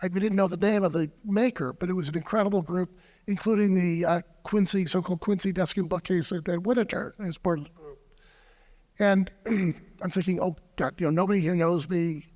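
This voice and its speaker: High-voiced dealer telling a story. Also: male voice, a little fast, darkish tone. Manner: anecdotal, with fillers and throat clearing. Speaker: antiques dealer. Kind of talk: panel discussion storytelling. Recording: long reverb of a large hall.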